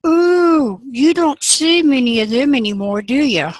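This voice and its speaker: A woman's voice: medium pitch, big pitch swings, takes it slowly, no room sound. A woman doing a wide-mouthed mother frog. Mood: startled squeak.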